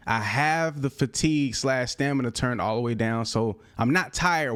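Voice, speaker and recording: A young man commentating his own football video game play in casual slang, breaking into sudden bursts of excited frustration. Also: medium pitch, normal speed, clean tone. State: out of breath. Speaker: gaming creator. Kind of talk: live gameplay commentary.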